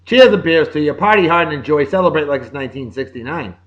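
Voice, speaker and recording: A man with a Boston accent hosting a casual show, giving upbeat, jokey birthday shout-outs. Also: on the high side, fast talker, muffled recording. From Massachusetts. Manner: upbeat, jokey, sing-song greetings. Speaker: podcast host.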